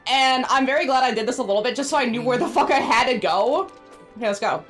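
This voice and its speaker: A woman's voice: on the high side, quick pace, fairly bright tone, soft background music. A woman streamer chatting casually while she plays, rambling and talking sweetly to her pets. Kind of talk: casual live-stream chat while gaming.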